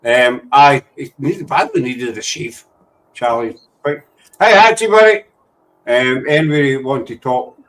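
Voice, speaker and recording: A man's voice: mid-range voice, lively intonation, a little slow, fairly bright tone, low-quality recording. A man hosting a casual chat, rambling and easily sidetracked. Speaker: host.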